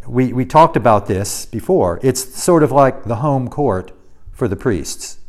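A man's voice: medium pitch, a little mellow. A man preaching a sermon, reading scripture and acting out the quoted lines with emphasis. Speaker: pastor.

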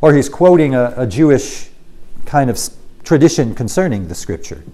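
A man's voice: medium pitch, sing-song, moderate pace, dark tone. A man preaching an expository sermon, emphatic and given to repeating key phrases.

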